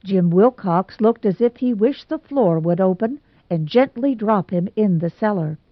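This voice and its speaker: A woman narrating a storybook in an expressive reading voice. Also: medium pitch, measured pace, no echo. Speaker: audiobook narrator. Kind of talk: scripted narration. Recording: dull lo-fi recording.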